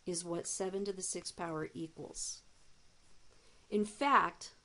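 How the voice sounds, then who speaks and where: A woman math teacher explaining a recorded demo lesson step by step, with deliberate pacing and playful asides. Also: on the low side, fairly even intonation, bright, forceful tone.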